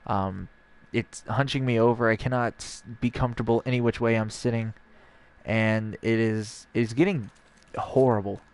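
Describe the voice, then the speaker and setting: A young man with a somewhat low and clean, smooth voice tells a personal story in casual streamer style. He rambles and restarts often, and slips into the voices of the people in his story. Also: steady tone, normal speed. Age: young adult. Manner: rambling, acts out dialogue.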